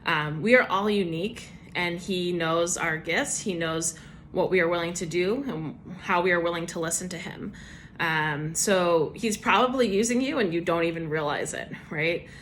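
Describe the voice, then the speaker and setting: Woman sharing a casual faith testimony; bright tone, relaxed and chatty delivery. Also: on the low side, moderate pace, slight background noise. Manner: casual, chatty with many fillers and laughs. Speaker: church member giving a devotional. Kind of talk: personal testimony devotional.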